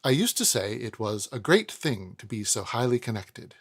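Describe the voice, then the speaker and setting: Gravelly, expressive man reading a classic novel. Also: medium pitch, moderate pace. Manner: expressive, chatty asides. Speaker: audiobook narrator. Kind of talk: cold-read classic novel narration.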